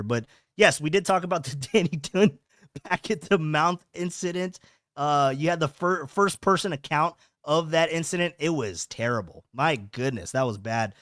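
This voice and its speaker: Speaking at a moderate pace in a fairly high, fairly bright voice, a young man hosts a casual home podcast livestream. He rambles, repeats himself and reads chat comments aloud. The audio is dry and studio quality.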